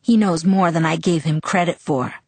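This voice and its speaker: A woman's voice: sits low, normal speed, darkish tone, dry recording. A woman reading the lines of a sullen, angry teenage boy, curt and tense. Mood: bitter.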